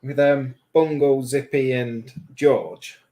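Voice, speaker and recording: A man's voice: mid-range voice, steady tone, slow, mellow. A man from Lincolnshire with an East Midlands accent, bantering and joking as a livestream co-host. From Lincolnshire, England. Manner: jokey, teasing banter. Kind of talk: casual livestream chat.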